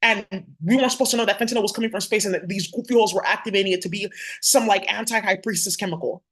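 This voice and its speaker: A woman vlogger rants in a fast, confrontational torrent, swearing freely as she speaks straight to her viewers. Her voice sits at an ordinary middle pitch, but her pace never lets up. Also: fairly even intonation. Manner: rapid, profane, confrontational. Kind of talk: heated direct-to-camera rant.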